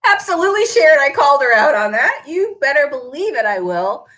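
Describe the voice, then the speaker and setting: A woman's voice: sits high, sing-song, fairly quick, fairly bright tone. A woman who runs a paint shop, chatting on a live stream, answering viewer comments and tagging her points with "right?".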